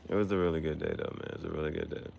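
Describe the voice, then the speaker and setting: A man with a low, deep voice talks to the camera in a loose, rambling way. He circles back over the same phrases and tosses in bits of other languages as he goes. There is a faint hum of noise behind him. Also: huge pitch swings, very fast, creaky, a little mellow. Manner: rambling, repeats himself, drops in foreign words. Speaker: podcast host. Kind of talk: casual rambling monologue.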